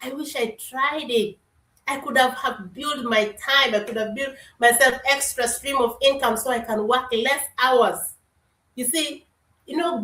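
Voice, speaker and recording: A woman's voice: fairly high pitch, fairly bright tone. A middle-aged woman giving a motivational talk. She is earnest, often repeats and restarts her words, and calls her listeners brother and sister. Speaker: motivational speaker. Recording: echoey room, voice from a distance.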